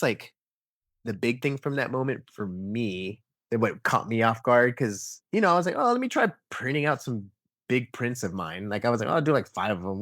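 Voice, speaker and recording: A man's voice: medium pitch, no room sound. Chatty man with a dry close sound. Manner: animated storyteller, acts out quotes, many fillers like "like" and "um". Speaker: podcast guest, toy photographer. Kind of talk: casual interview chat.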